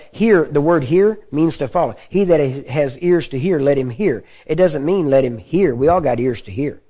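A man preaching a sermon in a conversational teaching manner, often checking in with his listeners and clearing his throat. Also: fairly high pitch, warm tone. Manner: conversational teaching with frequent check-ins to the audience.

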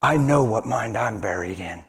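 A man in his sixties with a fairly low, expressive voice preaches a sermon at normal speed. He drops to hushed near-whispers, then rises to emphatic lines, adding folksy conversational asides, all under long hall reverb.

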